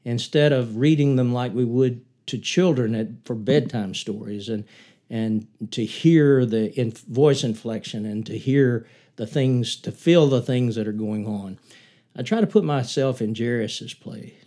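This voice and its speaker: An older former missionary preacher with a warm, mellow voice reflects on his ministry at an unhurried pace. He retells scripture as a lively story, earnestly building force and rising in pitch at the dramatic turns.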